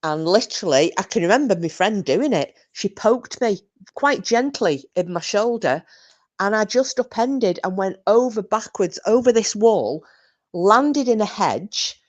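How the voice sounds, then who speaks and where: A woman's voice: mid-range voice, expressive, a little slow. A woman, chatting casually with her viewers on a live stream and telling rowdy drunken stories with plenty of swearing.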